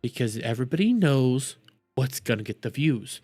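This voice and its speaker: A man hosting a live stream, ranting loudly and swearing as he repeats his points. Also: medium pitch, sing-song, moderate pace, husky, soft background music. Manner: loud profane ranting, repeats himself. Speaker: streamer host.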